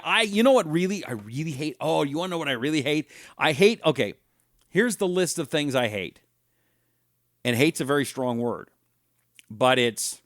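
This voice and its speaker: A middle-aged man hosting a talk show, reading viewer comments aloud in a casual, animated, mocking way. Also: fairly high pitch, no echo, clean studio sound. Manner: animated, mocking, mimics voices.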